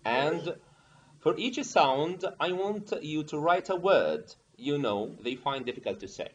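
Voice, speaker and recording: A man's voice: on the high side, lively intonation, measured pace, highs cut off, slight background noise. A man teaching a pronunciation lesson, explaining step by step and often checking in with "okay?". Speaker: teacher trainer. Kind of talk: online training lesson.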